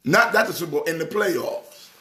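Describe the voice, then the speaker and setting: A middle-aged man from New York hosting a casual live stream, talking sports in an animated, teasing way and breaking into preacher-like exhortation. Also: fairly high pitch, moderate pace.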